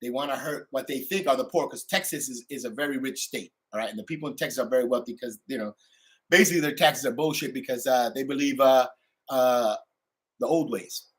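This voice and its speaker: A middle-aged man delivering a profane, ranting monologue to his channel, swinging between loud outbursts and low mutters. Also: a little fast. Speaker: channel host.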